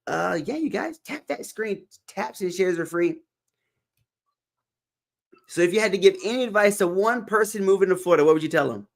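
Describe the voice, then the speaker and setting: A man's voice: high voice, expressive, moderate pace, creaky. A man from Texas hosting a casual livestream, upbeat and repeating calls to tap the screen. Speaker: livestream host.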